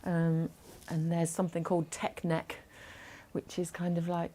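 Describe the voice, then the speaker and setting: Lower-pitched woman leading chair exercises. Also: monotone, a little slow, dark tone. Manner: encouraging, instructive. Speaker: exercise instructor. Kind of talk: guided chair exercise class.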